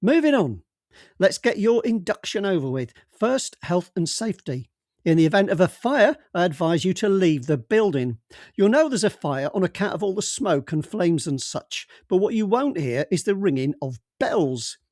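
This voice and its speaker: A brusque, jovial middle-aged police boss, voiced by a man in an audiobook, booming out orders and brushing aside interruptions. His voice sits fairly high and is raised well above plain talk. The sound is dry and close. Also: sing-song, normal speed, no room sound. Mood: bluff, bossy. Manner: loud, bluff and bossy, cuts others off. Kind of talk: audiobook character voice.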